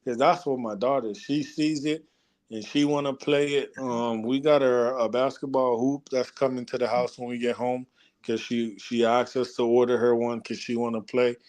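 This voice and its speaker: A young man co-hosting a sports talk show, talking in a relaxed, casual way and laughing often. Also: medium pitch, normal speed. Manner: laid-back, laughs often. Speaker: podcast co-host.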